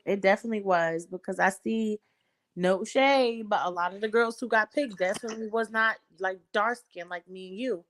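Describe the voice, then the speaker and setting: A woman's voice: medium pitch, normal speed, a little hiss or hum. A woman in casual chat, agreeing emphatically and adding her own view.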